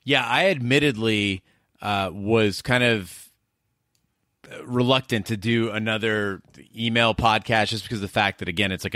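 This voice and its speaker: Male podcast co-host, wry and relaxed, lowish voice. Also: dry recording, clean studio sound. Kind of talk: casual podcast chat.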